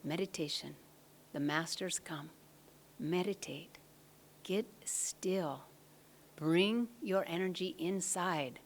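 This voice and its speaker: A woman giving a devotional satsang talk, speaking softly and slowly, often close to a whisper. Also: fairly low pitch, a little hiss or hum. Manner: soft, slow, often half-whispered.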